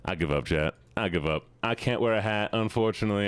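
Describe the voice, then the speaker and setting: Speaking fast and smoothly with no echo, a man livestreams and banters casually with his audience. He pokes fun at himself a lot, staying playful and letting his pitch jump suddenly.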